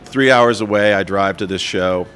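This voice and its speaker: A man with a low voice sits in as a podcast guest and tells his story with animated energy. He pokes fun at himself and acts out the lines people said to him, with a faint hiss under the recording. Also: normal speed. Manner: self-deprecating. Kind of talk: storytelling interview.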